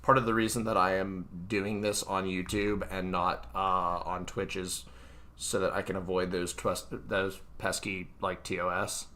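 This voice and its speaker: A man's voice: deep voice, flat delivery, unhurried, fairly bright tone. Stuffy-nosed man rambling on a livestream. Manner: rambling, filler-heavy, self-deprecating. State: stuffy nose. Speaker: author hosting a live book reading. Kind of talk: casual livestream chat. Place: his own room. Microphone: computer mic at his desk.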